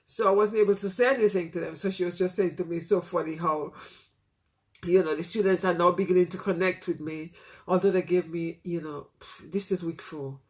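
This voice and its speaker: A middle-aged woman, a teacher, gives a casual, reflective monologue, talking to her listeners candidly and from the heart. She speaks briskly in a steady, lowish voice, often saying "you know."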